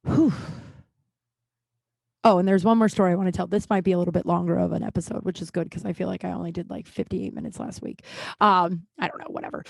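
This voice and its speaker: A woman's voice: on the low side, creaky, dry recording. A woman hosting a solo podcast, talking candidly and motivationally, swearing freely and restarting her sentences often. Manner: candid and profane, motivational, rambling with many restarts. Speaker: podcast host. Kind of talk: casual solo podcast monologue.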